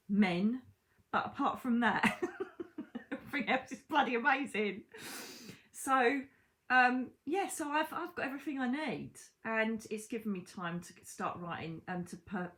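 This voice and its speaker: A British woman, a psychic medium, chatting casually to camera from home, animated, with asides to the viewer and mild swearing. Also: on the low side, low-quality recording. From Britain. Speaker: psychic medium and channel host. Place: her own home, indoors.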